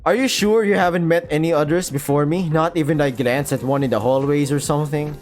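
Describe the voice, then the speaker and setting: A Filipino man putting on a bubbly, earnest young woman handler from a sci-fi visual novel, chatty and a bit flustered. The voice sits raised and bright above his own, with faint game music behind. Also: fairly high pitch, brisk, natural voice. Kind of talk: reading a visual novel aloud.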